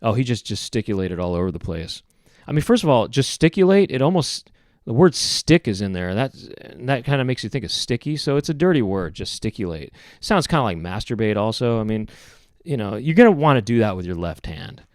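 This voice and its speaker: A man with a lowish voice talks on his podcast in a meandering, deadpan comic monologue. He keeps correcting himself and wandering off topic. The sound is dry and close, with no room behind him. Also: fairly quick, no room sound. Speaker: podcast host. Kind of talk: rambling comedic monologue.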